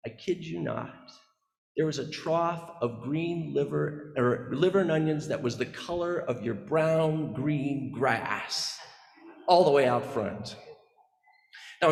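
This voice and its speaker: A man from the Midwest preaching through a personal story, chatty and conversational, restarting his sentences as he goes. His voice sits a bit high. It rings with the long reverb of a church sanctuary. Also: vocal fry. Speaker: guest preacher. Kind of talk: storytelling sermon. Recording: echoey church hall.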